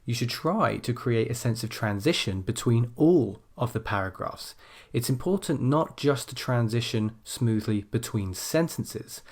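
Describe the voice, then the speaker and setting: A man teaching an essay-writing lesson, calmly explaining and stressing key phrases as he types. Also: mid-range voice. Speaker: language teacher.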